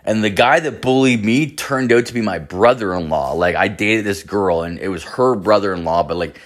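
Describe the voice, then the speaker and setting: A man's voice: fairly low pitch, moderate pace. A young man telling a casual story, rambling and profane, full of fillers.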